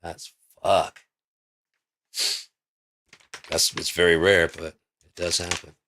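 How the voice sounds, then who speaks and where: A man with a very low voice and a forceful, tense edge talks in a loose, rambling vlog monologue. He swears freely and builds excitement as he spins out one idea after another. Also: slow pace. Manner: rambling, profane, excitable storytelling. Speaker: vlogger.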